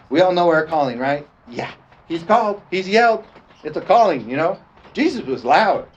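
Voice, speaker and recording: A man's voice: a little high, big pitch swings, moderate pace, breathy edge. A middle-aged man preaching a sermon, repeatedly asking his listeners for an "amen" and laughing often between points. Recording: dull lo-fi sound with faint noise.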